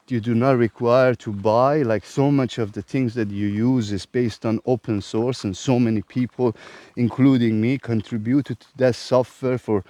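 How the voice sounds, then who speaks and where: A man's voice: mid-range voice, mellow, no room sound. A man who hosts a self-help vlog, delivering a profane, exasperated ranting monologue. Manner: profane, emphatic, exasperated rant.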